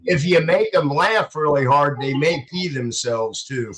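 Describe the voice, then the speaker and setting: A man's voice: fairly high pitch, measured pace, noisy background. A man joining a casual online panel chat in an easygoing way. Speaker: panel participant.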